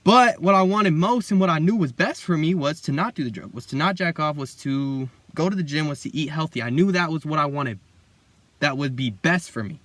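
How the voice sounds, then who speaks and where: A young man delivers a casual motivational monologue in a loose, rambling way, full of slang and "bro". His voice sits a touch higher than most men's. The sound is dry and close, with no room echo. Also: brisk, fairly bright tone. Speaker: self-improvement video host.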